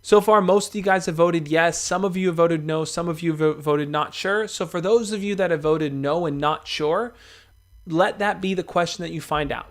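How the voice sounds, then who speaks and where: A young man hosts a casual livestream and speaks right to his viewers in an easygoing, encouraging way. His voice sits a little high for a man. He talks loosely, with fillers and restarts. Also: normal speed. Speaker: livestream host giving dating advice. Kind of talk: casual livestream advice talk.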